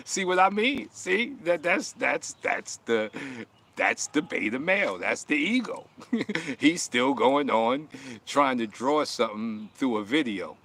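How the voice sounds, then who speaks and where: A man's voice: medium pitch, slow pace. Laughing, mocking man in a livestream. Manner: laughing, mocking, heated and animated. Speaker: martial arts channel host. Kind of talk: casual livestream talk answering chat.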